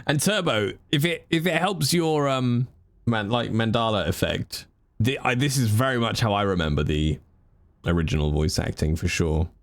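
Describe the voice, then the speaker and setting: A man giving chatty, animated commentary while live streaming a video game. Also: fairly low pitch, moderate pace. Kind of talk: casual gameplay commentary.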